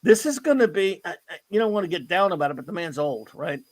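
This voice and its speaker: A man's voice: high voice, very animated, fast talker. A middle-aged man hosting a casual chat, telling a story in an enthusiastic, rambling way. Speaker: host.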